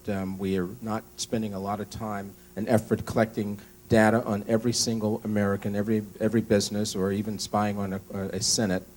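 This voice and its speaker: A man answering as a candidate at a forum, halting and full of fillers. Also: fairly low pitch, darkish tone, slight background noise. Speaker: congressional candidate.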